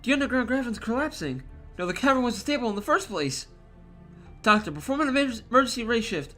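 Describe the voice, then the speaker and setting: A man's voice: extremely high pitch, lively intonation, quick pace, bright, forceful tone, faint music behind, heavily acted. A man voicing an earnest, anxious young girl knight in a game, speaking urgently and politely.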